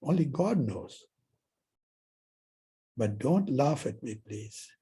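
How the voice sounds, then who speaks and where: Husky storytelling male professor. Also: medium pitch, very animated, takes it slowly, mellow. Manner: storytelling, acts out dialogues. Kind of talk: university lecture. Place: lecture hall.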